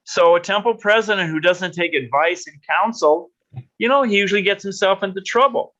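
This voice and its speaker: A man delivers a leadership lecture in a somewhat high voice. He tells stories and acts out what people said. The audio is dull and lo-fi. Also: brisk, fairly bright tone.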